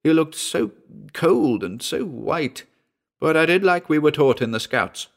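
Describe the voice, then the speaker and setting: A man voicing an earnest young boy telling what he saw in a halting, excited way. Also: on the high side, voice pushed up. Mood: shaken, eager.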